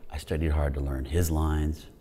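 Very deep-voiced man, halting. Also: little pitch movement, dark tone. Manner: halting, many restarts. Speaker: actor recalling work. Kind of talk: casual anecdote.

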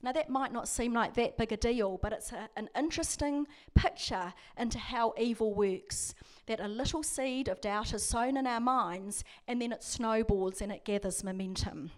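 A woman's voice: on the high side, normal speed, few pauses. A woman, preaching a sermon as a prison chaplain in a conversational, storytelling way. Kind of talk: sermon with scripture reading.

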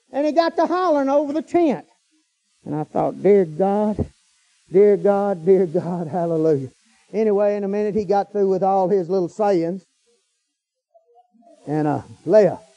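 A man's voice: very high-pitched, dark tone. A middle-aged man preaching a storytelling sermon in a folksy, colloquial way, breaking into hallelujahs.

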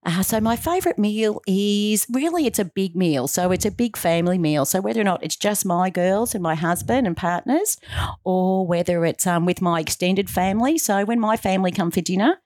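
A woman's voice: medium pitch, normal speed, no room sound, clean studio sound. A middle-aged woman being interviewed as a guest, telling her story in an earnest, heartfelt way and acting out the dialogue she quotes. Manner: animated, acts out quoted dialogue.

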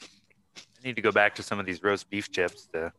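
A man co-hosting a casual chat, dropping slow, dry quips. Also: on the low side, fairly even intonation, pushed and bright, slight background noise. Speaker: podcast co-host.

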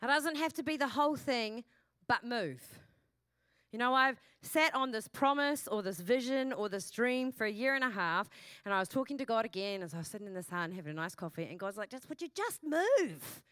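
A woman pastor delivers a sermon in a bright, forceful voice pitched a little high. She is lively and chatty, throws in self-mocking asides and keeps asking the congregation questions. The sound is close and dry. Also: fairly quick, smooth, no echo.

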